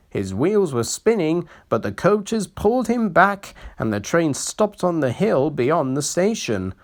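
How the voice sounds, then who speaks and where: Man reading a storybook slowly. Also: on the high side, big pitch swings. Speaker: narrator.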